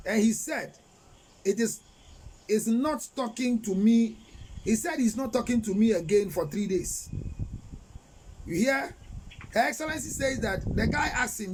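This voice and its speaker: A Ghanaian man counseling on relationships in a live talk, animated and preachy, switching between English and Twi and reading out viewer comments. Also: extremely high pitch, moderate pace, slightly rough, rough recording. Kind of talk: live-streamed advice talk.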